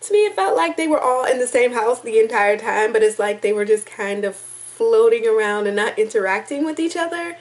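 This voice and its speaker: A young woman reacting casually to a music video at home, chatty, excitable and openly emotional, rambling as she thinks aloud. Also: on the high side. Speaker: YouTube reaction vlogger.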